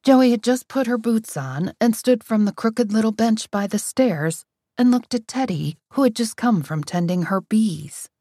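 A woman narrating a novel aloud in a wry, expressive reading. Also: a little high, measured pace, no room sound, clean studio sound. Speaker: audiobook narrator. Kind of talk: scripted narration.

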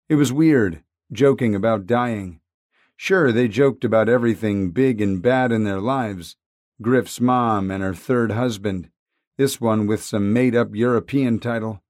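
A man's voice: on the low side, measured pace, darkish tone, dry recording, clean studio sound. A man narrating a novel in a wry, conversational tone. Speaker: audiobook narrator. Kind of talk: scripted narration.

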